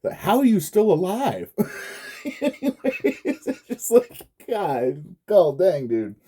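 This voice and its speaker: A man recounts a bad day in a loose, rambling rant. His voice is very dark and mellow, and he swears often and laughs between lines. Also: high-pitched, wildly swooping pitch, slow pace, breathy edge. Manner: profane, frustrated, laughs often. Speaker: vlogger. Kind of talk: casual storytelling rant.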